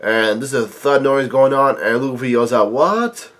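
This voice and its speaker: A man's voice: mid-range voice, steady tone, a bit bright. Stuffy-nosed man reading comics aloud. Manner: halting, reads panel lines aloud with blunt asides. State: stuffy nose. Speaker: manga reaction video host. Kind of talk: casual read-along commentary.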